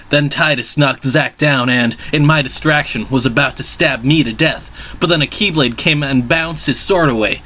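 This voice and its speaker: A man's voice: mid-range voice, pushed and bright. A man narrating a first-person fanfiction story in an earnest, dramatic reading style.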